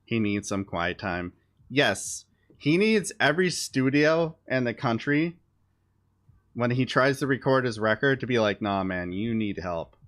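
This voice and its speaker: A man's voice: medium pitch, animated, a little slow, a bit bright. A man who streams live, giving casual political commentary in a blunt, sarcastic way and swearing offhandedly.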